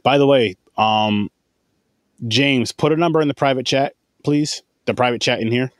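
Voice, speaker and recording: A man hosting a casual movie podcast, talking in an animated, rambling way and swearing freely. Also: medium pitch, moderate pace, dry recording, studio quality. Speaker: podcast host. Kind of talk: casual chat.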